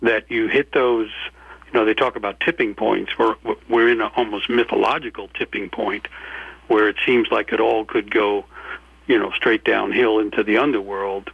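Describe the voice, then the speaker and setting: A man from New York, speaking as a guest in a reflective, measured way. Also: lowish voice, steady tone, gravelly, husky, no echo, narrow, tinny audio. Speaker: guest author. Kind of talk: reflective interview talk.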